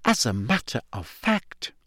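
A man reading aloud and voicing a clever, eager teenage schoolgirl who speaks briskly and knowingly. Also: medium pitch, very animated, a bit bright, no room sound, clean studio sound.

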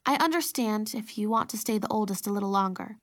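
A woman voicing a bossy but caring younger sister who speaks calmly and earnestly. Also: mid-range voice, fairly quick, no room sound, lightly acted. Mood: gentle.

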